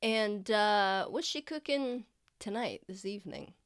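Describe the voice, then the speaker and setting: A woman's voice: mid-range voice, a little slow, smooth. A woman co-hosting a casual podcast while sick, recapping a game story playfully with fillers and laughs. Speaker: podcast co-host and game master. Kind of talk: casual chat.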